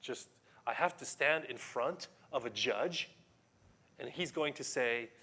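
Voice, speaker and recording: A man's voice: medium pitch, slow, pushed and bright, breathy edge. A middle-aged man preaching a sermon as pastor, emphatic and conversational, explaining scripture to his congregation.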